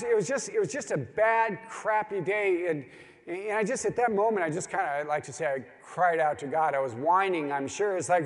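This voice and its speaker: With a high-pitched voice that runs a little fast, a middle-aged man preaches to a gathering of men. His earnest stories climb toward pleading emphasis, and the recording carries long hall reverb.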